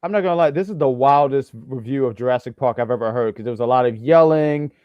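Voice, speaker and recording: A man's voice: medium pitch, quick pace, no room sound, dull audio. A man hosting a casual wrestling review show, teasing his co-host playfully. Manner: playful teasing, lots of fillers. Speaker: podcast host.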